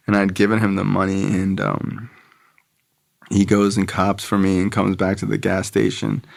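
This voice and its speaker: A young man with a low, gravelly voice from Florida, telling his story as a podcast guest. He talks casually and swears freely, slipping into the voices of the people in his tale. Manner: casual, profane, quoting others in his story.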